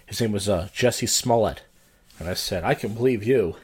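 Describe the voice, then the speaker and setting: Middle-aged drunk comedian hosting a solo podcast, low voice, loose and slurring. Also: male voice, moderate pace, a little mellow, slightly rough. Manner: slurred, loose, crude, wandering storytelling. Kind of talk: rambling casual podcast monologue.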